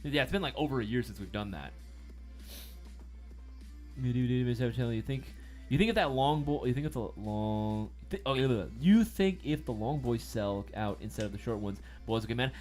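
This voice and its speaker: A man hosting a casual live-stream sales chat, playful and quick to swear. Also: mid-range voice, expressive, a little mellow, faint music behind.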